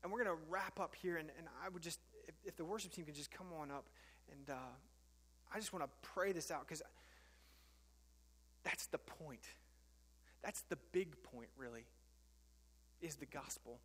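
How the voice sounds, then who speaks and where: A man's voice: on the high side, normal speed, pauses often, fairly bright tone, breathy edge, long reverb tail. A man preaching a sermon as pastor, earnest and conversational, with frequent fillers and restarts.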